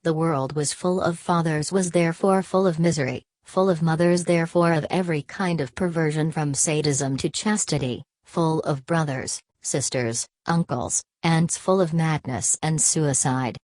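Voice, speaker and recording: A woman narrating a novel as an audiobook in a measured, even reading. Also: deep voice, no echo. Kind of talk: scripted narration.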